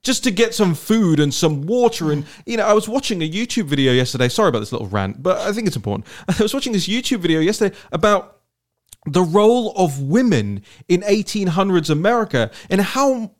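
Male host, fairly high voice, rambling and animated in political conversation. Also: a little fast. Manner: animated, rambling, repeats words while thinking aloud. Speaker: podcast host. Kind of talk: political talk-show conversation.

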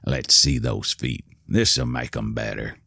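A man voicing a kind elderly man who soothes a frightened toddler in a slow, soft voice. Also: a bass voice, sing-song, vocal fry, dry recording, clean studio sound, voice pushed down, heavily acted. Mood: soothing. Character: gentle elderly man comforting a hurt toddler.

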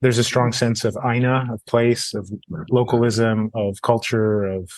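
A man's voice: mid-range voice, little pitch movement, unhurried, no room sound. A man hosting an interview, reading an introduction and asking questions earnestly. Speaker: interview host.

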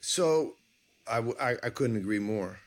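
A man hosting a podcast interview, asking animated, enthusiastic questions. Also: medium pitch, unhurried. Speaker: podcast host.

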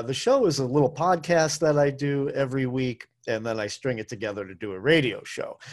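A man's voice: medium pitch, darkish tone. A man hosting a solo podcast, talking in a chatty, rambling, self-deprecating way with plenty of fillers. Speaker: podcast and radio host, food tour guide. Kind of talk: casual solo podcast monologue.

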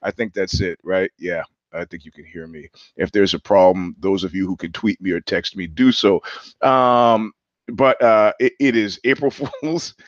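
A man's voice: sits low, normal speed, dry recording. A man hosting a live-streamed solo monologue on a headset mic, rambling and wry, often poking fun at himself. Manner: rambling, wry, self-mocking. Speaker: show host. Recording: dull dry lo-fi stream audio.

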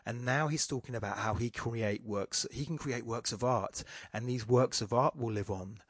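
A man's voice: medium pitch, dry recording, studio quality. A man hosting a podcast, giving a loose, rambling talk on poetry with frequent fillers and restarts. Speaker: podcast host. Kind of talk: casual poetry lecture.

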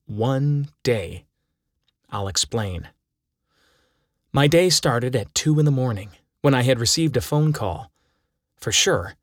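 A man narrating a humorous short story aloud in a deadpan, wry manner. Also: medium pitch, dry recording, studio quality.

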